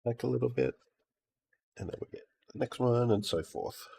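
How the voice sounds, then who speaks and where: A man's voice: mid-range voice, normal speed, vocal fry, mellow, husky. A middle-aged man from Australia chatting casually and muttering to himself while repairing a game console. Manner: mutters to himself and coaxes parts while soldering. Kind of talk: casual talk while working.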